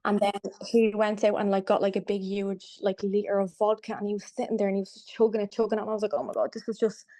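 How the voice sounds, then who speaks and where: Young woman guest, flat mellow voice, dry close sound, lots of "like" and restarts. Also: mid-range voice, no room sound. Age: young adult. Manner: halting retelling, full of "like" fillers and restarts. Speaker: podcast guest. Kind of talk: personal story in an interview.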